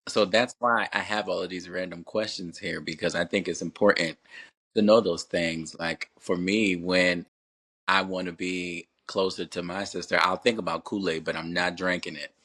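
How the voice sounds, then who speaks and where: A man from Connecticut hosting a podcast, asking gentle questions in a casual, easygoing interview. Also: sits low, fairly even intonation, moderate pace. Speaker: podcast host.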